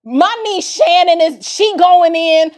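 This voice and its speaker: A woman from the Bronx telling a personal story in a casual, expressive way, talking straight to her listeners. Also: very high-pitched, takes it slowly. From the Bronx, New York. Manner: animated and expressive, addresses listeners directly.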